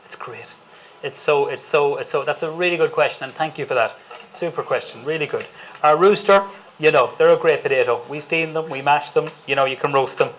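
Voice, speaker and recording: An Irish chef jokes and chats his way through a live cooking demonstration for an audience, full of enthusiasm. His voice is a little high for a man and fairly bright, and he speaks briskly. The low-quality recording carries a faint hiss beneath the room sound.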